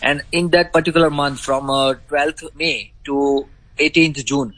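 A middle-aged man with an Indian accent, a grieving father answering interview questions in a halting way with many pauses. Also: a little high, steady tone, fairly bright tone, rough recording.

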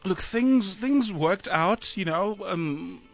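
A high-voiced South African man in his thirties talks on breakfast radio in a halting way, sighing often and close to tears. Soft music sits faintly beneath him. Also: expressive, creaky. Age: 30s. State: choked up. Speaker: radio co-host. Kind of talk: emotional radio chat.

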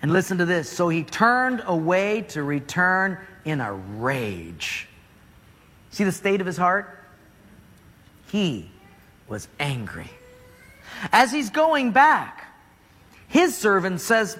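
A man preaching a storytelling sermon, animated and joking as he acts out scenes. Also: high-pitched, slow pace, long pauses. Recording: long hall reverb.

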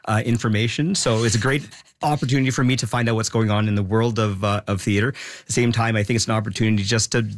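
A man speaking as a guest in a radio interview, halting and full of fillers. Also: lowish voice, steady tone.

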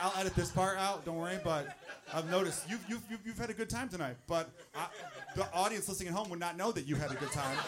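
High-voiced man doing a stand-up set. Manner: rambling, self-deprecating storytelling. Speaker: stand-up comedian. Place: comedy club stage. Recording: live album recording with crowd noise. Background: audience laughter.

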